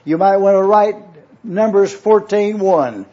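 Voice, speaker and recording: A man's voice: sits high, measured pace, dark tone. A man preaching a sermon, repeating his points and spelling out Greek words letter by letter as he urges listeners to take notes. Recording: dull lo-fi recording.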